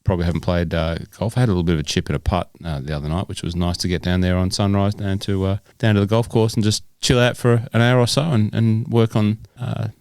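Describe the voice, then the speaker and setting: A man's voice: on the low side, steady tone, fast, hardly any pauses, a little mellow, clean tone, dry recording. Rambling Australian man hosting a podcast. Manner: rambling, chatty with many fillers. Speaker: podcast co-host. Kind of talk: casual chat.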